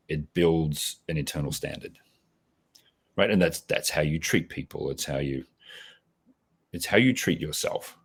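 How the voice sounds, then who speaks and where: Forties Australian male guest, extremely deep voice, reflective and conversational. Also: slightly rough. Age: 40s. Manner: reflective, with many restarts and tag questions. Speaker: podcast guest. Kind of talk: casual interview answers.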